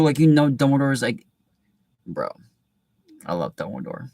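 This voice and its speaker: A young man reads a storybook aloud, then drifts into laid-back chatty asides full of filler words. His voice sits on the low side. The recording is close and dry. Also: big pitch swings, brisk, pauses often, dry recording. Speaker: reader. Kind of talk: reading aloud with casual commentary.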